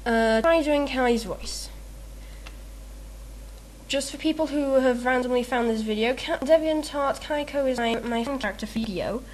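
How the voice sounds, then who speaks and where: A woman chats through a homemade questionnaire, rambling and giggly, and keeps poking fun at herself. She pads her answers with many ums and uhs. Her voice sits a touch high for a woman, over a faint hiss. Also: normal speed. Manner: rambling, giggly, self-mocking, lots of fillers. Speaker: video maker answering a meme questionnaire. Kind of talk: casual chat.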